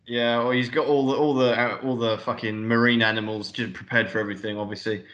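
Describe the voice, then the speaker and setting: A man's voice: mid-range voice, flat delivery, fast, a bit bright, lo-fi sound. A young man co-hosting a podcast, rambling casually and swearing while recapping a film. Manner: rambling, sweary, lots of fillers. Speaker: podcast co-host. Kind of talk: casual film review chat.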